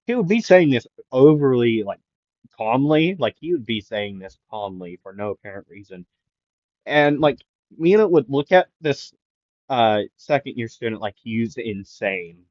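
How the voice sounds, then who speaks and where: Still nursing a sore throat, a man keeps his voice down as he improvises a fan story, rambling with lots of fillers and restarts. His mid-range voice is animated, his pace measured and his tone darkish. A dull lo-fi mic captures him dry, with no room sound.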